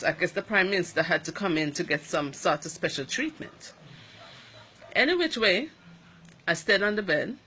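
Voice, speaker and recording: Animated Antiguan woman, bright voice. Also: low-pitched, husky. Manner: animated, emphatic, acts out the dialogue. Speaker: nurse. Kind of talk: emotional personal account.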